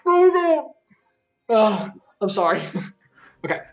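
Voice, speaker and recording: A woman hosts a casual game stream, trading jokes with her cousin. She talks in a playful, giggly way, and her pitch swings widely. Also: sing-song, slow, lo-fi sound, faint music behind. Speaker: streamer host.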